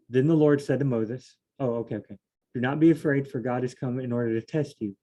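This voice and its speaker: A man's voice: medium pitch, mellow. A man studying scripture aloud on his own, reading verses and then paraphrasing them in a loose, fumbling way, often correcting himself. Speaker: solo Bible study host.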